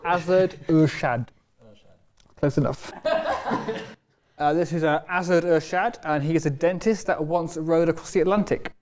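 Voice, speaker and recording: A man's voice: a little high, unhurried, pauses often, darkish tone. A man captaining a team on a comedy game show, flustered and laughing through his introductions. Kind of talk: casual banter on a comedy show.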